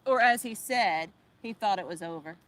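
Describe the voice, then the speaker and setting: A woman's voice: mid-range voice, moderate pace, fairly bright tone, a little hiss or hum. A woman with a New Jersey accent co-hosting a live fishing stream, teasing and easygoing. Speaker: host's wife, co-host. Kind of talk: casual live-stream chat. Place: outdoors at a fishing spot.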